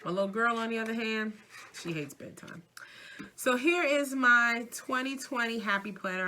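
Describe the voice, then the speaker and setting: A woman's voice: mid-range voice, slight background noise. A woman in her forties from New York City, with a mixed New York, Midwest, Southern and Louisiana accent, chatting casually and animatedly while flipping through her planner. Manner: chatty and animated, laughing easily. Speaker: vlogger and minister.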